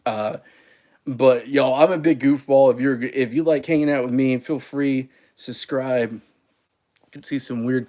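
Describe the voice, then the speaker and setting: A man hosting a casual coffee livestream, chatty and quick to laugh at his own mistakes. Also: mid-range voice, darkish tone. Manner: self-deprecating, chatty, laughs at himself. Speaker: coffee channel host. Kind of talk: casual livestream chat while making espresso.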